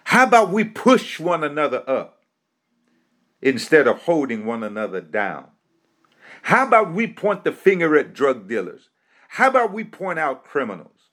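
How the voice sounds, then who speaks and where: An American man delivers a passionate, sermon-style speech in a mid-range, slightly bright voice. He structures it around a recurring refrain and rhetorical questions.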